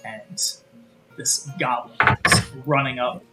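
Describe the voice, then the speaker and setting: A man narrating a tabletop game as game master in a relaxed, rambling way. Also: mid-range voice, takes it slowly, over loud music, low-quality recording.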